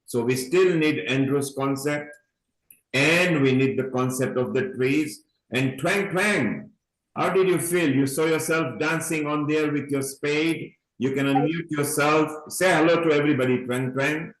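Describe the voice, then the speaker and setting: A man's voice: on the high side, measured pace, reverberant, low-quality recording. A man hosting an online event over a video call, calling people honey as he talks on at length. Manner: addresses people as honey, rambling.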